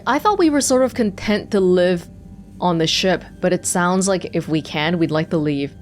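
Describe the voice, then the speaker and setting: A woman's voice: on the low side, lively intonation, moderate pace, a little mellow, a little hiss or hum. A woman giving casual, amused commentary while playing a game. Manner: chatty, amused asides. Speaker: let's play gamer.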